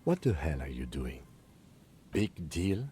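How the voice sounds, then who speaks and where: Curt, deep-voiced lieutenant. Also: male voice, very animated, slow, dark tone, faint music behind, exaggerated voice. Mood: impatient. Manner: curt, impatient. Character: impatient police lieutenant, reserved.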